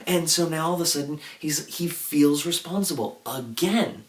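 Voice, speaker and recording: A man reviewing a TV episode in a casual, excitable, chatty way, full of "like" and quick retellings. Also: fairly high pitch, roomy sound, far from the mic. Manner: chatty, excitable retelling with frequent "like" and acted-out quotes.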